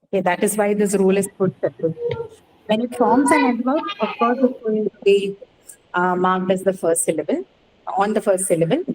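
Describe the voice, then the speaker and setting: A woman teaching an English class, explaining slowly and checking in with "right?" after each point. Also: medium pitch, background noise. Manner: explains patiently, says "right?" often. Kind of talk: online class lecture.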